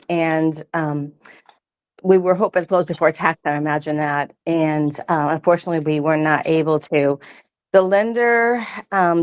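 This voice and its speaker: Woman, very low voice, real estate agent, matter-of-fact, video call. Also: clear, resonant tone. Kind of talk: casual account on a group call.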